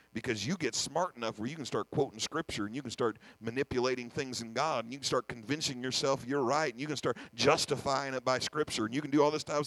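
A man's voice: medium pitch, a bit bright, no room sound, low-quality recording. A male senior pastor preaching a sermon, emphatic, often repeating words and acting out the voices in his head.

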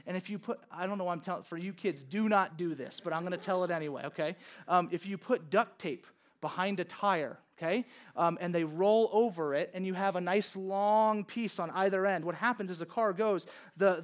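A man preaching a sermon, telling a personal story in a casual, chatty way with many fillers. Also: sits high. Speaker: pastor.

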